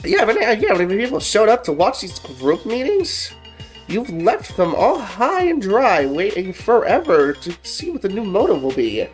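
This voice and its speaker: A gleeful mascot announcer , put on by a game player, hams it up with a teasing, sing-song lilt. The voice sits a little higher than the player's own, and the background carries faint music. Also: huge pitch swings, unhurried.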